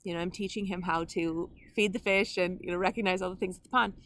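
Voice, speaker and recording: A woman's voice: on the low side, steady tone, fast, a bit bright. A woman, a grandmother in her fifties or older, teaching the Bible online in an earnest, conversational way with personal asides.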